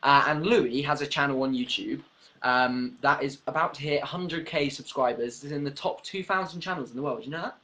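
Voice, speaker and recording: A man's voice: mid-range voice, a little fast. A young man, joking around as the vlogger in a casual chat. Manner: animated, joking, jumps between topics.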